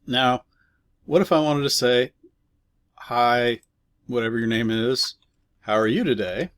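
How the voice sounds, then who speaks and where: A man's voice: mid-range voice, a little slow, a bit bright, dry recording, studio quality. A man teaching a casual programming lesson, explaining step by step with fillers and offhand asides while typing. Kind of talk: casual screen-recorded coding lesson.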